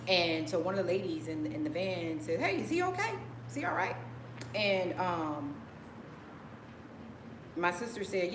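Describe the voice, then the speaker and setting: Woman rambling through a story, echoey room. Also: fairly low pitch. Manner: rambling, repeats phrases, emotional retelling. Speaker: vlogger. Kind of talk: casual personal storytelling. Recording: echoey room with background noise.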